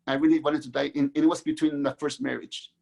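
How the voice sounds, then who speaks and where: A middle-aged man from Mexico, a guest author, telling his own life story in an earnest, halting way with many restarts. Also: on the high side, little pitch movement, creaky, darkish tone. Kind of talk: candid personal storytelling.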